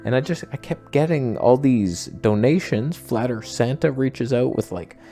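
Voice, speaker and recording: A man's voice: a little slow, faint music behind. A man casually rambling about his camera gear in a self-mocking vlog. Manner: rambling, self-mocking, animated with sudden pitch jumps. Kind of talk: casual talking-head vlog.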